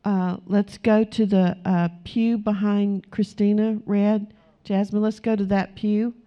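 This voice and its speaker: A woman's voice: medium pitch, little pitch movement, slow, highs cut off. A woman preaching an earnest sermon to her congregation, urging them and acting out short prayers as she speaks. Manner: earnest, exhorting, acts out quoted prayers.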